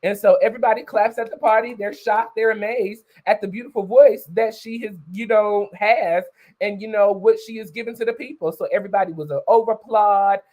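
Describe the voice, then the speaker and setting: A livestream host with a medium-pitched, slightly mellow, fairly even voice retells a story at a fairly quick pace. Her voice isn't warmed up yet and the recording is rough. She chats casually, tagging lines with "okay?" and "you know" while greeting viewers by name.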